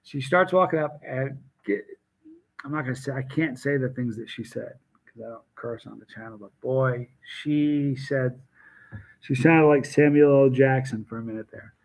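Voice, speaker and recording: A man hosting a live stream, telling stories in a casual, animated way and acting out the people in them, with self-mocking humor. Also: mid-range voice, normal speed, poor audio.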